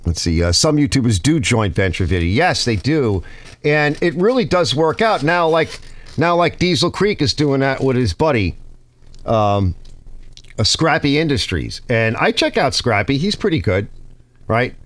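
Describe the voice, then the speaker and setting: A man's voice: mid-range voice, big pitch swings, moderate pace, no echo. A man with a New York accent, hosting his own channel, rambling casually to viewers and often restarting his sentences. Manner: rambling, restarts sentences, reads comments aloud. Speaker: YouTube channel host.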